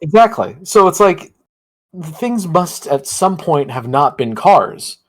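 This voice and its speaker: A man's voice: on the high side, big pitch swings, slow pace. A man co-hosting a podcast in casual chat, joking and laughing often. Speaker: podcast co-host.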